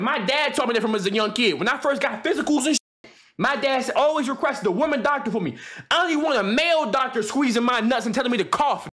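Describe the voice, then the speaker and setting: High-voiced young man ranting to chat. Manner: animated, slangy and joking, many restarts and impressions. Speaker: streamer. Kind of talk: casual rant to a live stream chat.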